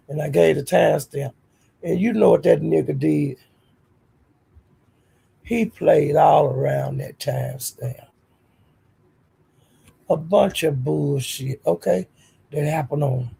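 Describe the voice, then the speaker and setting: Gravelly, husky woman ranting on stream. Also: low voice, takes it slowly, pauses often. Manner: profane, scolding, animated storytelling. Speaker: livestream host. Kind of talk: heated livestream rant.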